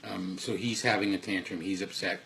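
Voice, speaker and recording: Gravelly low-voiced man, earnest ramble. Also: steady tone, normal speed, sharp tone, slight background noise. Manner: earnest, rambling, many restarts. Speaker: parent sharing advice. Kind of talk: casual spoken monologue. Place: at home. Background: dogs and household sounds faintly.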